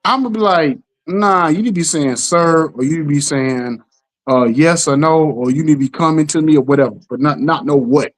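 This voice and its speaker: A middle-aged man hosting a casual podcast chat, telling animated stories and acting out the quotes. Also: fairly high pitch, brisk, poor audio. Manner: animated storytelling, acts out quotes, keeps asking "you know what I'm saying". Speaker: podcast host.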